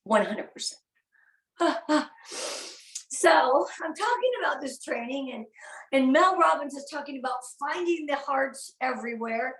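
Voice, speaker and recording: A woman's voice: sits high, animated, measured pace, fairly bright tone. A middle-aged woman giving an earnest, upbeat motivational talk to a sales team and getting them to repeat phrases after her. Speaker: guest speaker at a sales training. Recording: echoey room, voice a bit far from the mic.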